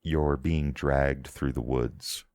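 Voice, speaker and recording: A man's voice: extremely low pitch, steady tone, slow, a little mellow, no room sound. A man as game master, narrating a tabletop game in a meandering, descriptive way, often searching for words.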